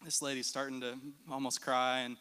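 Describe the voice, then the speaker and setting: Man, earnest church testimony storyteller; bright, smooth tone. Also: mid-range voice, monotone, moderate pace. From United States. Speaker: mission team member giving report.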